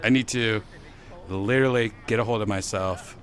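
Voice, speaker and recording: A man hosts a laid-back virtual reality hangout, his voice sitting a little low yet sounding bright and forceful. He rambles, jokes and swears freely. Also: moderate pace. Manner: joking, profane, rambling. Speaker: host. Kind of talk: casual chat over a VR hangout.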